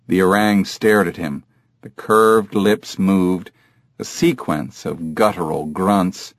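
Reading from a novel, this male audiobook narrator uses a low, measured storytelling voice. The scripted narration is captured dry with studio quality.

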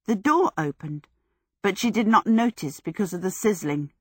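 A woman reading a story aloud in a measured, even way. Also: medium pitch, slightly rough, no room sound, studio quality. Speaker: narrator. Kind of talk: audiobook reading.

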